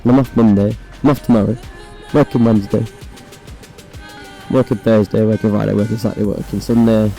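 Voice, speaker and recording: A young man with a hoarse, croaky voice, chatting casually and swearing while riding a motorbike, recorded on a phone inside his helmet. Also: fairly low pitch, flat delivery, a little fast, long pauses, mellow, faint music behind, low-quality recording. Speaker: motovlogger. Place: on a motorbike on city roads.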